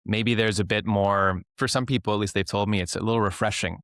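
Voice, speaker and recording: A man's voice: fairly low pitch, brisk, dry recording, studio quality. A young Canadian man, a clown and improv teacher, talking casually in an interview and acting out classroom voices. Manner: animated storyteller, acts out classroom voices.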